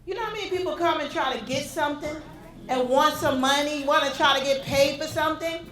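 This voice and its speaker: Effusive high-voiced woman emcee in an echoey hall. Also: brisk, a bit bright. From United States. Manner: effusive, exclaiming. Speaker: event host. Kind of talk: emcee introducing a speaker.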